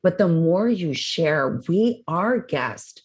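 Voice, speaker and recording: A woman co-hosting a podcast chat, eager and agreeing, with her pitch swinging up as she talks. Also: expressive, slow pace.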